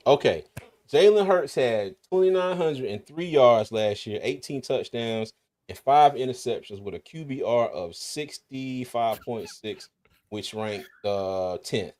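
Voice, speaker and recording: A man's voice: medium pitch, animated, unhurried, a little mellow. A man with a slight lisp hosting a casual sports talk livestream, rambling and laughing often. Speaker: podcast host.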